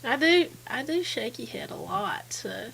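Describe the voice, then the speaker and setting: A woman angler talking as a podcast guest in relaxed casual chat, laughing easily. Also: fairly high pitch, a little slow, gravelly, slight background noise.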